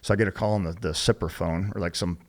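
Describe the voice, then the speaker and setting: A man in his forties, a guest on a podcast, telling stories in a casual, profane and animated way and acting out the dialogue. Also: low voice, quick pace. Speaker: podcast guest, military veteran. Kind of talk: casual storytelling.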